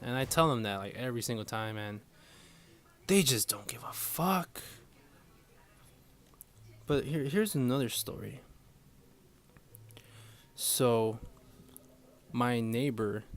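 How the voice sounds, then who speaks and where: A young man airs a casual, profane rant straight to the camera. He rambles, circles back on his points and swears freely, and his voice sits at an ordinary middle pitch. A faint hiss runs under his talk. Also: creaky. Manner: rambling, frequent swearing, frustrated. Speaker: vlogger.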